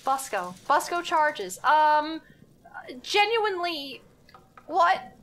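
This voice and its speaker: Very animated yet slow-paced, her fairly bright voice sits high as she comments live on a horror game. The young woman talks to herself with nervous giggles and frequent swearing.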